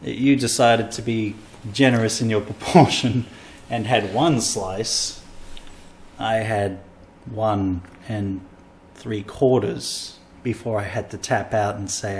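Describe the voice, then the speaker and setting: A man's voice: lowish voice, fairly even intonation, slow, slight background noise. A man hosting a casual comedy podcast, rambling and self-mocking as he tells a travel story. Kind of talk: casual chat.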